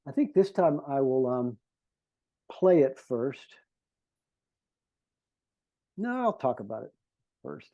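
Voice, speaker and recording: A man's voice: medium pitch, sing-song, slow pace, pauses often, dull audio. A man, a composer, earnestly explaining his scores to conductors and humming melodies to make his points. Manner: earnest teacher who hums melodies to illustrate.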